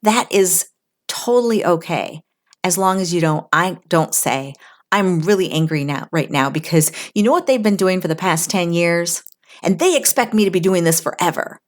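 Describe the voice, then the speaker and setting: A middle-aged woman with a notably low voice talks things through on a podcast. She is reflective and casual, often acting out someone's inner thoughts as little quoted asides. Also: animated, moderate pace. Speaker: podcast co-host. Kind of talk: casual chat.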